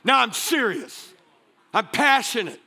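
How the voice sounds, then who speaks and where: A man preaching a passionate sermon in a church, shouting and laughing as he goes. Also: very high voice, animated, a little slow, gravelly. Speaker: guest pastor. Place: large church sanctuary.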